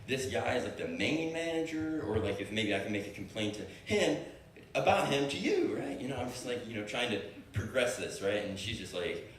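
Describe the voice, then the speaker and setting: A man's voice: medium pitch, a little fast, a little hiss or hum. A young man telling a comedic story to an audience, acting out the dialogue with lots of laughter. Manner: animated, acts out every line of dialogue, laughs often. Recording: echoey room, voice from a distance.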